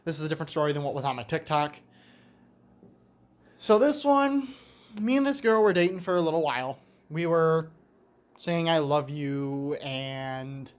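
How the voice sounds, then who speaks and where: Rambling teenage guy telling a story. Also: on the high side. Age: late teens. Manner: rambling, with restarts and casual swearing. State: slightly winded. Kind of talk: casual storytime monologue. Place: garage on a cold day.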